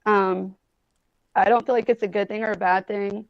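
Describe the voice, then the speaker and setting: A creaky, mid-range voice with a steady tone and normal speed belongs to an Indianapolis woman in her forties. As a guest in casual conversation, she rambles through stories, swears freely, and says "like" and "um" a lot. The recording is dry and dull, made via a phone or tablet on a video call.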